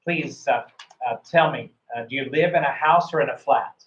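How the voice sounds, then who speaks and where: A man's voice: mid-range voice, normal speed, fairly bright tone. A man teaching English online and running a mock speaking test, encouraging and full of fillers and restarts. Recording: roomy, dull lo-fi sound.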